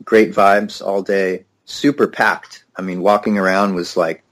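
A young man, a musician guest in an interview, telling stories in a relaxed, easygoing way and laughing easily. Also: deep voice, measured pace. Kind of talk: casual interview conversation.

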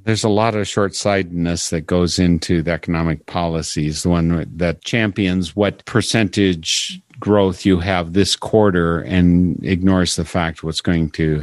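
A man hosting an interview, asking long, thoughtful questions in a measured way. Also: sits low, no room sound, studio quality. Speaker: interviewer, host.

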